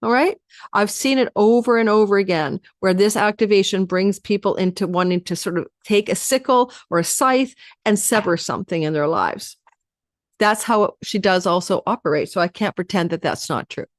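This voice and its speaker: A woman astrologer giving a chatty weekly forecast, talking fast and speaking straight to her viewers. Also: medium pitch, no echo, studio quality. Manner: addresses viewers directly.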